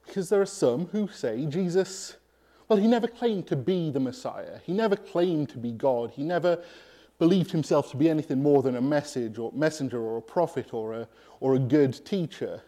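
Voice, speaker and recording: A man preaching a sermon, emphatic and pausing deliberately between phrases. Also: a little high, expressive, warm tone.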